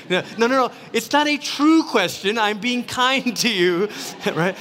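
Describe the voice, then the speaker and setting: A man from Malaysia preaching a sermon in a lively, conversational way, acting out quotes as he goes. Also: high-pitched, normal speed, long reverb tail. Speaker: pastor.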